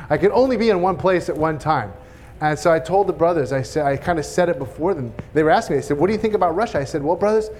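A middle-aged man telling a lively testimony at a church meeting, laughing at his own jokes as he goes. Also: a little high, slight background noise. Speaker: church speaker sharing testimony. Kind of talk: sermon-style testimony.

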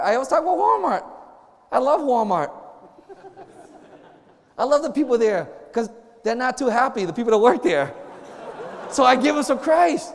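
A man's voice: very high-pitched, big-room sound. A campus minister giving a chatty, joking sermon to a group, acting out little conversations as he goes.

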